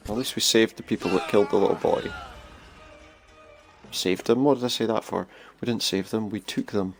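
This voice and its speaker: A gaming streamer with a lowish, fried voice offers casual let's-play commentary at normal speed on a role-playing game. He's chatty, thinking aloud as he plays, and faint music sits behind him.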